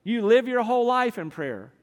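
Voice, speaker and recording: A man delivering a sermon in a high, light voice, earnest and deliberate, drawing out the words he wants to land. His voice rings out with a long reverb, as in a large church sanctuary. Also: big pitch swings. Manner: earnest, slows and stresses key phrases. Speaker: pastor.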